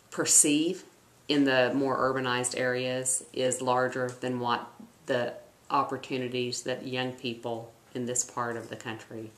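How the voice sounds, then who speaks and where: A man giving slow, reflective interview answers. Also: medium pitch, a bit bright. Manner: measured and reflective. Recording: roomy echo.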